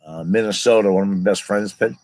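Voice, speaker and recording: Rambling middle-aged man, low voice. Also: fast, a little mellow, no room sound, low-quality recording. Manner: rambling, digressive personal storytelling. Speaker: vlogger telling his own story. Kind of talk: casual spoken storytelling.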